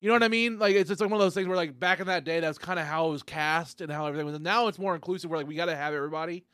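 A man's voice: fairly high pitch, racing, fairly bright tone, clear, resonant tone, dry recording. A man hosting a casual comedy podcast, talking in a loose, rambling, profane way. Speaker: podcast host.

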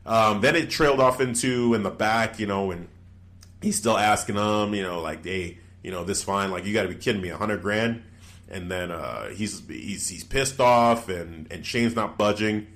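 A male podcast co-host with a lowish voice talks at a normal speed in a casual wrestling recap chat. He's animated and loose, laughs often, and acts out quotes.

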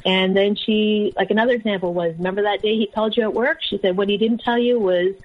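Husky middle-aged woman telling her story. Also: mid-range voice, fast talker, phone-quality sound. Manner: animated storytelling, quoting others in dialogue. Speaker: interview guest. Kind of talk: personal story in a podcast interview.

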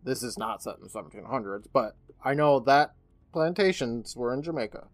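Animated male podcast co-host. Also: mid-range voice, brisk, no echo. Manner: animated, laughs often, acts out quotes in voices. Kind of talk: casual chat recapping a TV episode.

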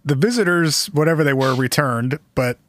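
A man's voice: fairly high pitch, normal speed, no room sound, clean studio sound. A man hosting a podcast, telling a story in casual chat with an easygoing, wry manner. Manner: easygoing, wry, reads quotes aloud.

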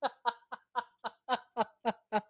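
High-voiced woman, giggly podcast chat. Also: little pitch movement, extremely slow, dry recording, studio quality. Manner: laughs often, slips into quoted voices. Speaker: podcast co-host. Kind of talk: casual chat recapping a reality show.

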